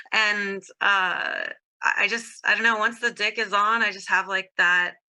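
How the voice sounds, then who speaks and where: A woman's voice: medium pitch, slow, bright, forceful tone, rough recording. A woman guest from Southern California talking candidly in a casual interview, full of fillers and frequent laughs. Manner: candid, giggly, filler-heavy.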